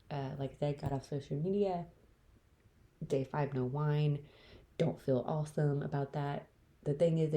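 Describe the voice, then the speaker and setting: Low gravelly woman ranting bluntly. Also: mellow. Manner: blunt, swears freely, ranting with bursts of whispering. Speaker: podcast host. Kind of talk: candid solo podcast monologue.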